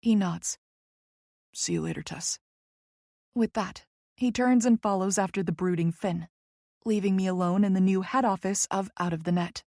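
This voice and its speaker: A woman's voice: medium pitch, fairly even intonation, moderate pace, dark tone, no room sound, clean studio sound. A woman narrating a first-person romance audiobook in a wry, conversational way.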